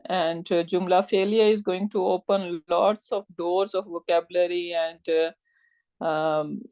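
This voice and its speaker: A woman teaching a live grammar class, explaining step by step and often checking with "right?", in a warm, encouraging tone. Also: on the low side, no room sound. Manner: warm encouraging tone with religious phrases.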